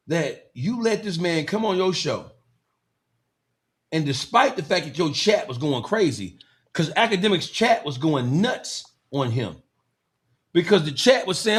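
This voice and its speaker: A podcast host on a heated, profane rant, mocking his target with relish. His voice is high and swings widely in pitch, rising and dropping as he works himself up. The tone is excitable throughout.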